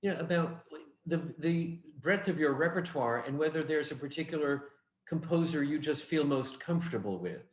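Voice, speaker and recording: A man's voice: fairly high pitch, animated, moderate pace, hardly any pauses, echoey room. A man interviewing an opera singer, listening attentively and asking supportive questions. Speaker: interviewer, arts organization head. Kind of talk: oral history interview.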